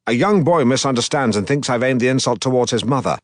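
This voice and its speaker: A man reading an audiobook as a pompous, self-regarding middle-aged broadcaster, in a deadpan, self-important manner. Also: mid-range voice, fast talker, no room sound, clean studio sound, natural voice. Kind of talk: audiobook narration.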